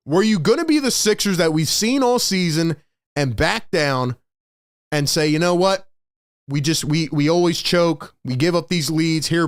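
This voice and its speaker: Animated man hosting postgame sports talk. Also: a little high, dry recording, clean studio sound. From Philadelphia area. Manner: animated, rhetorical, heavy use of "man".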